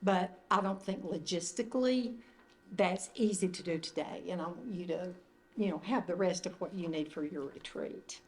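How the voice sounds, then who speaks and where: A woman's voice: fairly low pitch, moderate pace. An older woman leading a retreat group, giving an informal, conversational teaching talk indoors in a meeting room. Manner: conversational, loosely phrased, gentle. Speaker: retreat leader.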